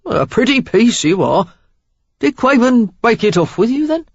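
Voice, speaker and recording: A man's voice: very high voice, sing-song, normal speed, creaky, dry recording, voice pushed up, full character voice. A narrator voicing a roguish, flirtatious man with a Cockney accent in a novel reading. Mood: teasing. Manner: breezy, slangy, teasing. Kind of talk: audiobook character reading. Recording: dull lo-fi dry recording.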